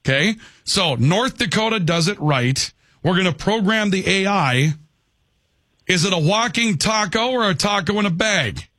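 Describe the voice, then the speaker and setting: A man hosting a call-in radio show, his voice sitting a little high for a man. He talks in a loose, conversational way, tossing in "okay" to keep listeners with him. The sound is dry and close, with no room around it. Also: lively intonation, normal speed, pushed and bright, no echo. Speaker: radio talk show host.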